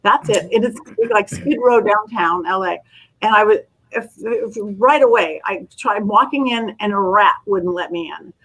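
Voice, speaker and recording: In a relaxed interview, a middle-aged psychic medium shares stories with real animation, performing the voices of those she quotes. She speaks in a husky, mid-range voice at a moderate pace, on a rough recording.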